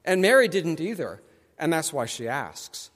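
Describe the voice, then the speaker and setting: A man delivers a sermon with a high, animated voice that leaps across a wide range. He speaks conversationally and puts on quick voices for the people in his story. A long reverb trails behind him in the church. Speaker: pastor. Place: church sanctuary.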